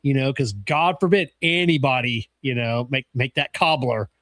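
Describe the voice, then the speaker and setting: A man of middling pitch co-hosts a laid-back podcast. He tells stories in a loose, meandering way and pads them with plenty of fillers. The recording is dry and close. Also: normal speed, a bit bright, no room sound. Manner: rambling, many fillers like "you know" and "like". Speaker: podcast co-host. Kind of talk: casual chat.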